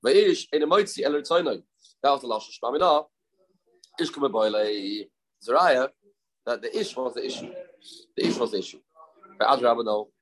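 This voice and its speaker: A man's voice: mid-range voice, animated, normal speed, pauses often, a bit bright, low-quality recording. A man teaching a daily Talmud class, mixing English with Hebrew and Aramaic terms and asking rhetorical questions.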